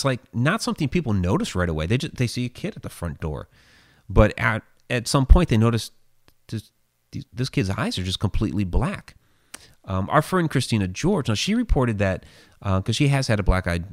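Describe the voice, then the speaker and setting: A man's voice: low voice, no echo, studio quality. A man hosting a show and telling a story in loose, casual chat, full of fillers and restarts. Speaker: host reading viewer questions.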